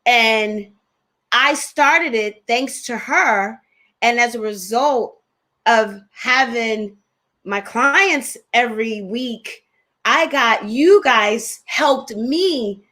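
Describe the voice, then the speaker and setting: Lady on a chat show, kinda high voice, real candid and jokey about herself. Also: sharp tone. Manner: frank, self-mocking, chatty with slang. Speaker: fitness trainer and co-host. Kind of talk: candid personal story on a talk show.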